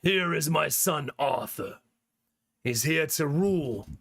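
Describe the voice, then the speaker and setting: A man putting on the voice of a grandiose, regal father proudly presenting his heir, in a pompous, booming proclaiming manner. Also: slow, vocal fry, a bit bright, full character voice. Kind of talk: playful impression during a livestream.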